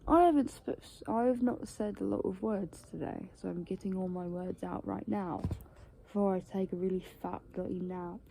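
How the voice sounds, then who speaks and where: A woman's voice: medium pitch, normal speed, creaky, warm tone, a little hiss or hum. A tired woman talking in a casual, rambling monologue, full of "like" and the odd swear word. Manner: meandering, heavy use of "like" and swearing.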